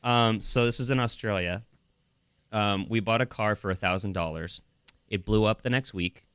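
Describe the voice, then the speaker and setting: A man's voice: on the low side, normal speed, smooth, no echo, studio quality. A man from America co-hosting a podcast, telling stories in casual chat and laughing often. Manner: animated storytelling, laughs often. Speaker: podcast co-host.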